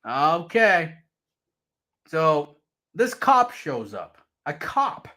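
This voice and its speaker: Man, casual storytelling, profane, animated, fairly high voice, laughs a lot. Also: moderate pace.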